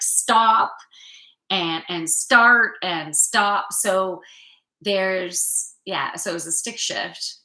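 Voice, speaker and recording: A woman's voice: lowish voice, pushed and bright, roomy sound, rough recording. A woman giving a chatty, upbeat weekly card reading, talking loosely and playfully. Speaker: spiritual card reader.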